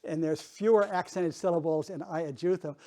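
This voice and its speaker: An older man giving an informal presentation to a small group, halting, with many restarts and repeated words. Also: fairly high pitch, background noise. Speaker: guest speaker. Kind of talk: informal presentation with audience chat.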